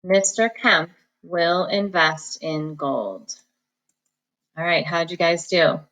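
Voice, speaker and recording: A woman teacher giving an online phonics lesson, dictating sentences slowly and sounding out each syllable. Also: fairly low pitch, a bit bright, poor audio. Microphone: recorded at a computer for students at home.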